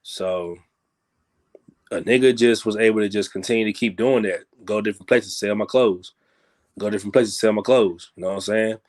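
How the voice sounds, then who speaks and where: A man talking as a guest musician in a casual interview, rambling loosely and peppering his talk with "you know what I'm saying", growing animated when he makes a point. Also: normal speed. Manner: grows animated and higher when making a point.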